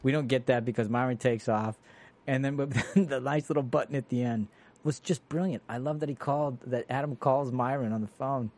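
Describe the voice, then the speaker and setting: A man's voice: mid-range voice, moderate pace. A man co-hosting a casual podcast chat, talking animatedly with many restarts and acting out quotes. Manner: animated, acts out quotes, frequent laughs and restarts. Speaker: podcast co-host.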